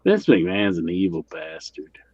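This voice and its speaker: A man chatting on a podcast, swearing freely and ranting, swinging between loud outbursts and hushed asides. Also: low-pitched, very animated, moderate pace, breathy edge, no echo, dull audio. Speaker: podcast guest. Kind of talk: casual chat.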